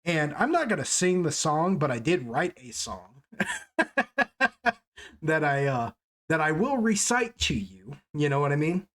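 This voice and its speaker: A man's voice: fairly high pitch, very animated, unhurried. A man narrating a tabletop game as game master, rambling and laughing easily.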